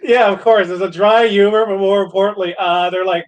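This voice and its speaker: A man playing a tabletop game, chatting in an animated, joking way. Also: high-pitched, brisk, distant mic, a little hiss or hum. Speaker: player.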